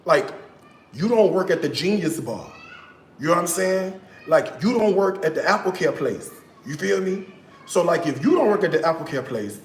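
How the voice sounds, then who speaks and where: A lively man talks to his livestream viewers while he cooks at home, his pitch sitting a touch high and jumping around a lot as he speaks. He keeps it casual and animated, sometimes sliding into a hushed, sing-song delivery. The kitchen is echoey, with a faint hum of room noise behind him. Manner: chatty and animated, talks straight to viewers with frequent asides; slips into hushed, half-sung tones now and then. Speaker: cooking livestream host.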